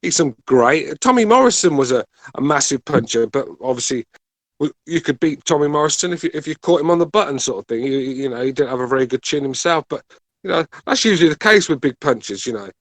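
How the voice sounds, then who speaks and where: A man's voice: a little high, expressive, fast, fairly bright tone, dry recording. A man co-hosting a boxing podcast, talking in rambling runs with repeated words and swearing. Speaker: podcast co-host. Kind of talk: casual boxing podcast chat.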